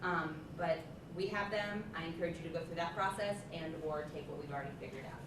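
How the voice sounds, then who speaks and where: A woman presenting a hands-on workshop to early childhood teachers, lively and encouraging, often saying um. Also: deep voice, fast talker. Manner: lively, encouraging, with frequent ums. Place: large room with a group. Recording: echoey, distant, noisy room recording.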